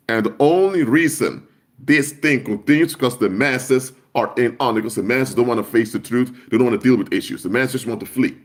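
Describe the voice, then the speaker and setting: A man's voice: medium pitch, brisk. Emphatic man preaching on a live stream. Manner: emphatic, repeats key phrases for force.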